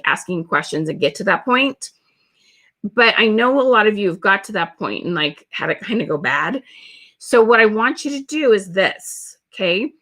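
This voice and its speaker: A woman teaches a sales webinar. Her voice is bright and clear. She drives each point home by repeating words over and over. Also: medium pitch. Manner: emphatic, repeats words for stress. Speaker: social media sales coach.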